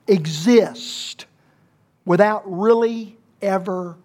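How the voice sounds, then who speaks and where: A man in his fifties, a pastor preaching a sermon in a church, telling a story with big swings in pitch and loudness. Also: very slow. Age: 50s.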